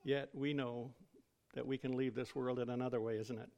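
A man's voice: medium pitch, level tone, moderate pace, gravelly, a little mellow, dull audio. A man preaching a sermon in a solemn, dramatic way, drawing out words for emphasis.

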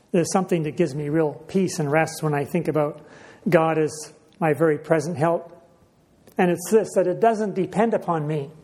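With a slightly high pitch and a darkish tone, this male preacher works through his sermon at a measured pace. Repetition of phrases gives his points emphasis, and frequent throat-clearing breaks up his delivery.

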